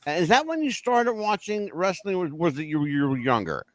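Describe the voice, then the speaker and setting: Male host, jokey and folksy, high animated delivery. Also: normal speed, no echo. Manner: folksy, joking, rambling questions. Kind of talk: casual talk interview.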